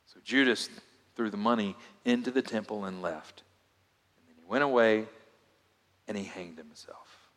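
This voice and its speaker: A male pastor preaching a sermon, swinging from loud emphatic lines to hushed, quiet asides. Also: on the low side. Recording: long hall reverb.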